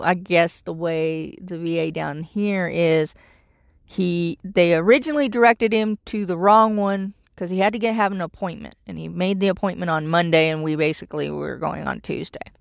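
A woman's voice: on the low side, creaky, clear, resonant tone, no room sound, clean studio sound. A middle-aged woman vlogging casually, telling a rambling, exasperated story about her troubles. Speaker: vlogger living in her vehicle. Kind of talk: casual chat.

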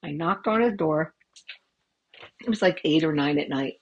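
A middle-aged woman with a lowish voice telling stories in a chatty, swearing way on a podcast, with laughing asides. She talks into a headset microphone, and a faint hiss sits behind her. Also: moderate pace, lo-fi sound. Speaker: podcast host. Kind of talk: casual storytelling.

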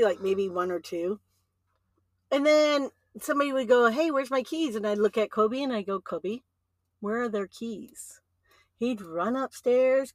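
A middle-aged mother tells family stories on a podcast. Her voice is bright and high, with pitch that swings widely as she tells them. She laughs easily, and the room sounds dry and close. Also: dry recording. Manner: animated, laughing storyteller. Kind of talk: casual storytelling.

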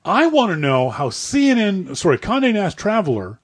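A man's voice: sits high, wildly swooping pitch, moderate pace, slightly rough. A man from Nova Scotia, Canada, telling rambling stories in a casual chat as co-host, with many restarts. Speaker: podcast co-host.

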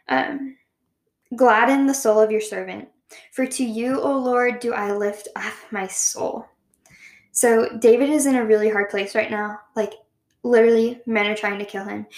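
Woman host, slightly high voice, casual devotional Bible study, chatty, reads verses slowly. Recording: echoey room.

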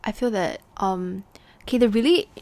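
A young woman co-hosting a casual podcast chat with a friend, giggly and animated, often restarting her sentences. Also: medium pitch, moderate pace. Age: young adult. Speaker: podcast co-host.

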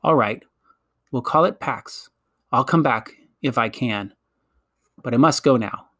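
A man reading aloud, voicing a prim, sharp-tongued young English girl in a storybook. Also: medium pitch, measured pace, dry recording, studio quality. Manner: sharp, sarcastic, proper schoolgirl speech.

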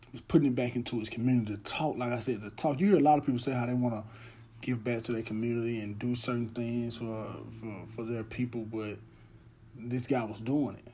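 A young man with a dark, mellow voice hosts a podcast alone, talking in a loose, earnest monologue. He speaks with heartfelt conviction and often stumbles back over his words before pushing on. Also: medium pitch, fairly even intonation, brisk, slight background noise. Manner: earnest, heartfelt storytelling with many restarts. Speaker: podcast host. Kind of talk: casual monologue.

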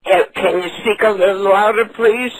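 A man's voice: high-pitched, steady tone, moderate pace, no room sound, poor audio. A man voicing a confused, frail old woman on a prank call, rambling and stammering, mishearing and repeating himself. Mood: muddled. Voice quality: quavering, creaky. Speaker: prank caller.

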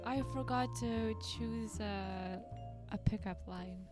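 A woman's voice: medium pitch, slow pace, over music. A nineteen-year-old woman co-hosting a podcast in casual chat, often giggling. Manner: giggly, breaks into laughter. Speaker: podcast co-host.

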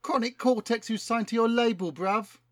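A man's voice: very high-pitched, normal speed, voice pushed up. A man playing a brash young male rapper who talks in street slang. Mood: brash, cocky.

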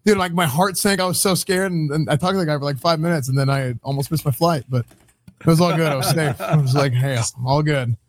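A man's voice: on the high side, quick pace. A man telling a story in casual chat, rambling with many repeated words and fillers.

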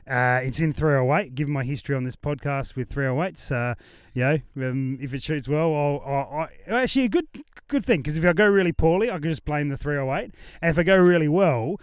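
Joking man with a smooth voice. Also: a little high, fairly quick, no room sound, studio quality. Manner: jokey, matey banter. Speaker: podcast host interviewing competitors. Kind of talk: casual on-site interviews. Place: outdoor shooting range.

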